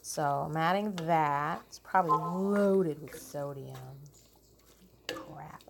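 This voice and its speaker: A middle-aged woman talks through a home cooking vlog in her kitchen. Her voice sits a little low, and she chats easily, with frequent ums and quick self-corrections. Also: vocal fry, slight background noise.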